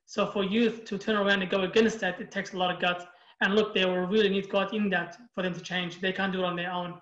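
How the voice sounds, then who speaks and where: A man's voice: high-pitched, little pitch movement, quick pace, a bit bright, roomy sound, highs cut off. A man born in Iraq, a youth group leader, talking as a guest in an emphatic, passionate way and often quoting himself. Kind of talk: casual interview storytelling.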